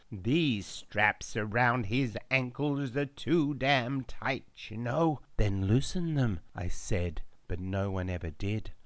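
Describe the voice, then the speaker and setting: Man, author-narrator, measured dramatic delivery, low register. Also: clear, resonant tone, no echo. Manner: slow, measured, darkly dramatic reading. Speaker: author reading his memoir. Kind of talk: audiobook narration.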